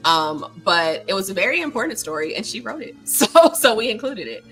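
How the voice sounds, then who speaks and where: A woman's voice: medium pitch, very animated, a little fast, sharp tone, faint music behind, rough recording. A woman talking as a guest in a casual interview, earnest and thoughtful, with plenty of ums as she explains things. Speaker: guest, small business owner.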